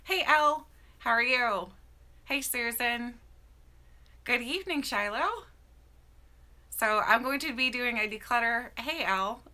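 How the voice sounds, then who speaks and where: Woman, live-stream host, casual chat, slightly hoarse, tired voice, bright tone, greets viewers by name. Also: on the high side, animated, unhurried, pauses often. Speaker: beauty vlogger hosting a live stream. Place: at home.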